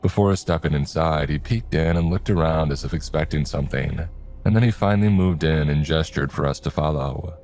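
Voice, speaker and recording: A man reading a horror story aloud in a steady first-person narration. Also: very deep voice, brisk, slight background noise. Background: faint music.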